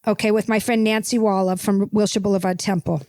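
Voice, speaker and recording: A woman's voice: mid-range voice, steady tone, a little fast, darkish tone, no echo, clean studio sound. A woman hosting a comedic podcast, rambling and gossipy, tacking "okay?" onto her points. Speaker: podcast host.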